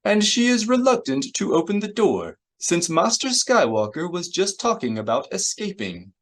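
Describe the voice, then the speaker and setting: A man's voice: sits high, big pitch swings, normal speed, voice pushed up. A man voicing a fussy, prim male protocol droid in an audiobook, with a prissy, precise, formal way of speaking. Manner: polite, formal, fretful.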